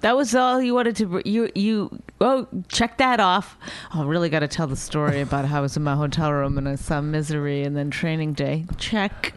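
A woman's voice: low-pitched, fairly even intonation, normal speed, hardly any pauses, clean tone. A woman co-hosting a casual comedy chat, dry and teasing. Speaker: co-host.

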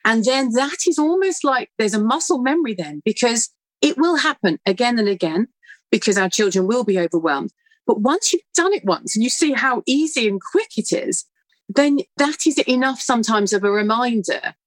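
A middle-aged woman, a guest telling stories in an earnest, animated way. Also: on the high side, moderate pace, dry recording. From United Kingdom. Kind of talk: conversational interview answer.

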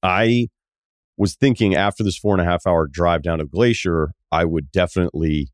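A deep-voiced podcast host tells a rambling travel story at normal speed, casual and animated. He acts out the people he met, his pitch jumping up and down for their lines, and his voice sounds dry and close with no room sound.

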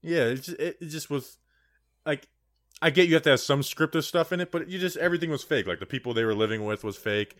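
A man's voice: on the high side, a little fast, fairly bright tone, no room sound, clean studio sound. A man co-hosting a sports podcast in casual chat, rambling and digressive, with lots of "like". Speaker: podcast co-host.

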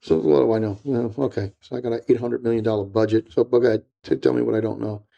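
Gravelly fast-talking man telling stories. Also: medium pitch, steady tone, mellow, highs cut off. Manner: rambling, repeats himself, blunt, acts out quoted voices. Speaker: retired DEA agent, guest. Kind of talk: casual storytelling interview.

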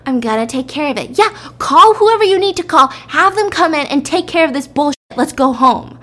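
A woman's voice: high-pitched, expressive, a little fast, a bit bright, voice pushed up. Woman doing an impatient, bossy dad. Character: gruff father, impatient and bossy.

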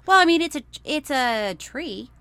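A woman co-hosting a casual podcast chat, teasing and animated. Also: high voice, normal speed. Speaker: podcast co-host.

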